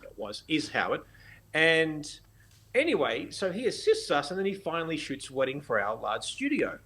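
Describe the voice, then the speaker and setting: Man, Australian accent, podcast guest, animated storyteller, bright forceful voice, slightly high. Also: moderate pace. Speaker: guest photographer. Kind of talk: casual interview storytelling.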